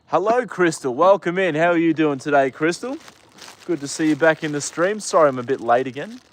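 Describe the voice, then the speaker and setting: A man's voice: fairly high pitch, lively intonation, brisk. A young Australian man hosting a casual live stream outdoors with his horse, greeting viewers by name with lots of fillers. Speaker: livestream host.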